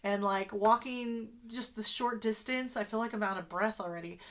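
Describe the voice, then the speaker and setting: A woman's voice: mid-range voice, normal speed. A woman telling her own story on a livestream in a chatty, rambling way, full of fillers and restarts. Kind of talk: casual personal storytelling.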